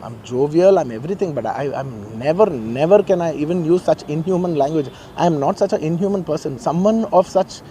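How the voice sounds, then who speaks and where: A man's voice: on the high side, warm tone, a little hiss or hum, poor audio. A man in his forties with a Telugu-influenced Indian English accent, making an earnest, insistent statement to the press outdoors. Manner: earnest, repetitive, pleading insistence. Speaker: actor addressing the press. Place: outdoors in a garden.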